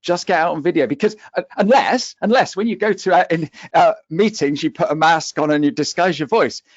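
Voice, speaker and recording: This West Country man coaches accountants on LinkedIn during a webinar panel, pressing each point with an emphatic "okay?". He sounds on the high side and a little fast, and the audio is dull with no echo.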